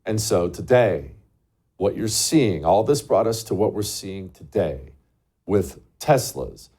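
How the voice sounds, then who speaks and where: Man, commentary host, emphatic and scornful, lowish voice, rhetorical questions. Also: animated, slow, mellow, slightly rough. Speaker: show host. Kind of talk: political commentary monologue.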